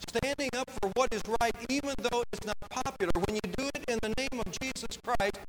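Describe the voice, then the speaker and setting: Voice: medium pitch, a little fast, over music, low-quality recording. A pastor preaching a sermon earnestly, repeating phrases for emphasis.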